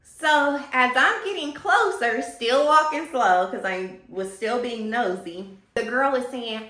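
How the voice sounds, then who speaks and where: Gossipy storytelling woman, bright voice. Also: fairly high pitch, slow pace, hardly any pauses, roomy sound. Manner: animated, gossipy, talks to viewers as y'all. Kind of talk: casual storytime vlog.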